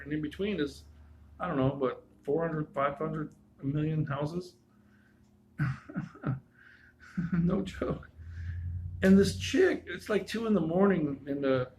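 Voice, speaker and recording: A man's voice: a little high, darkish tone, rough recording. A man with a slightly raised voice tells a casual, loose story from his own life. He wanders off into asides and restarts as he goes. A faint hum sits behind him.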